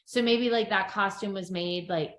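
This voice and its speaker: A middle-aged woman recaps a TV episode on her podcast, chatty and storytelling. Her voice sits at a middle pitch. The room around her is echoey. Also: normal speed. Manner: chatty storyteller, acts out quotes with animated voices. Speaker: podcast co-host. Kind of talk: casual chat recapping a TV episode.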